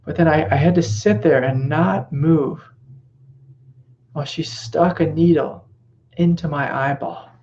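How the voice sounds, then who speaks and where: A middle-aged man giving a spiritual teaching talk in a gentle, reflective way, sometimes dropping into soft reassuring whispers. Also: fairly high pitch, a little slow, muffled recording, a little hiss or hum.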